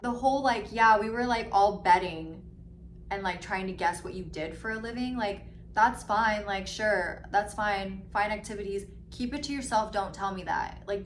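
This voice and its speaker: A woman in her twenties ranting casually in a storytime vlog, full of "like" and swearing, mimicking other people in quick asides. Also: medium pitch, slight background noise. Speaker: vlogger. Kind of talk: mukbang storytime rant. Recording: slightly echoey room with faint ambience.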